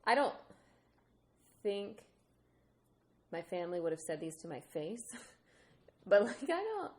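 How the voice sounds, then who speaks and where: A woman in her thirties co-hosts a podcast in a medium-pitched, very animated voice, speaking a little slowly. She talks candidly in casual chat, laughing often as she retells what people said.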